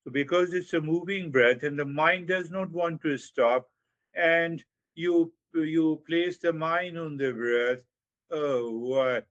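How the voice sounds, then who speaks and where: A man teaches meditation in a spiritual talk, slow and measured, repeating short phrases and drawing words out before rising sharply for emphasis. His voice is in an ordinary middle register yet on the high side, with a fairly bright tone. The recording sounds dull and a little muffled.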